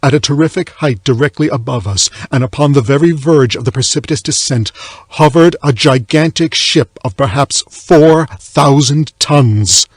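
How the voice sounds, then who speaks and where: A man reading a classic sea tale aloud as an audiobook, in a measured, low and somber manner. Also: slightly rough, dry recording, studio quality. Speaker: audiobook reader. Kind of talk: scripted narration of a classic tale.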